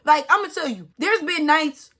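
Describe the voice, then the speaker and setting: A woman's voice: high voice, lively intonation, moderate pace, pushed and bright. A young woman in her twenties telling a personal story in a casual vlog, emphatic and repeating herself with lots of "like". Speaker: storytime vlogger.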